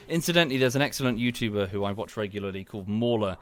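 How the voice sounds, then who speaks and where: A man's voice: lowish voice, lively intonation, quick pace, few pauses. Rambling man ranting on stream. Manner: rambling, heated, swears, trails off and restarts. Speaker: livestreamer. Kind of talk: casual livestream rant. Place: home streaming setup.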